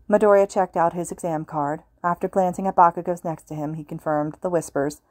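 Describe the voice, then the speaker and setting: A woman reading a fan fiction story aloud as a podfic narrator, calm and steady. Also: lowish voice, brisk, hardly any pauses, dry recording, studio quality. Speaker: podfic reader.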